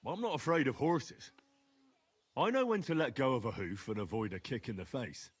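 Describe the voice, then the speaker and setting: An actor playing a young medieval blacksmith in a video game, giving plain, measured replies. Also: male voice, medium pitch, animated, slightly rough. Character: young medieval blacksmith hero, calm and steady.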